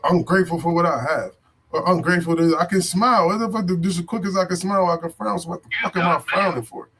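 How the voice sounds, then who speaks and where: A man's voice: fairly high pitch, a bit bright. A man in AAVE giving an unscripted motivational talk as a vlogger, preachy and repetitive, with profanity and street slang.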